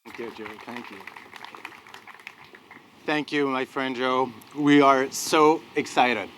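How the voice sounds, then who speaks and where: A man from France with a French accent, a company executive giving an earnest, halting press conference speech with repeated thanks at an outdoor launch. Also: mid-range voice, noisy background.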